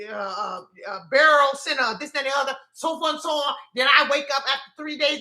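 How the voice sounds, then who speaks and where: A woman with a high, bright voice gives an emotional livestream pep talk. She repeats herself, preaches with spiritual fervor and drifts into exasperated, loud rants. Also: brisk, few pauses. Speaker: host and counselor.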